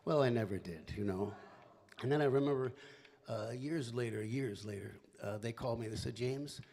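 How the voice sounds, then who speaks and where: A man in his seventies, from Philadelphia, telling a family story between songs. He rambles and chats, dropping laughing asides. His voice sits at an ordinary middle pitch. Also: moderate pace, a little mellow. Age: 70s. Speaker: singer-songwriter.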